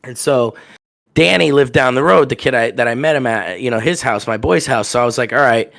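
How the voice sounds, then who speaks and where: A young man from telling a rowdy story on a podcast, acting out the people in it with loud raised voices. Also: mid-range voice, brisk, gravelly. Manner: animated, acts out quotes with loud raised voices. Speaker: podcast guest telling stories. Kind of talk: casual storytelling.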